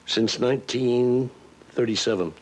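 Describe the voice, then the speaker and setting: An older voice actor swaps chuckling anecdotes in a casual interview, slipping into character voices along the way. His voice is mid-range, and he takes his time.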